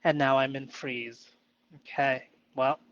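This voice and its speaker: A man talking alone about his inner state, halting and self-questioning, who sometimes argues playfully with a mock inner voice. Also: medium pitch, flat delivery, a bit bright, dull audio, a little hiss or hum. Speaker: vlogger reflecting on improv. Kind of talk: solo reflective monologue.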